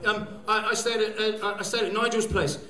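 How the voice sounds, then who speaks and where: A man from New Zealand with a New Zealand accent doing a stand-up comedy set, rambling loosely with lots of fillers and sudden shouts. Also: sits high, little pitch movement, moderate pace, roomy sound, distant mic. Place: live venue stage.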